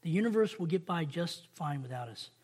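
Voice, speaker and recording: A man giving an informal sermon to coworkers, talking conversationally, repeating phrases and checking in with a quick "right?". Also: fairly high pitch, lively intonation, a little mellow, breathy edge. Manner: conversational, repeats and restarts phrases, stretches key words slowly; addresses listeners directly with "right?".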